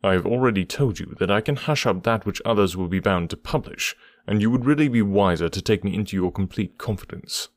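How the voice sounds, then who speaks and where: Man reading a sharp, probing detective, low voice. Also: no room sound, natural voice. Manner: measured, probing, dryly ironic. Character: brisk, sharp-witted male detective, dry and probing.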